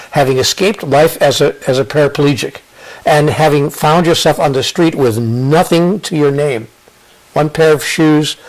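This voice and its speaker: American guy in an interview, earnest and thoughtful, kinda high voice, keeps restarting sentences. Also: poor audio. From United States. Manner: earnest, restarts and repeats phrases, slows for emphasis. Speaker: interview guest, spiritual author. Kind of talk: reflective interview talk.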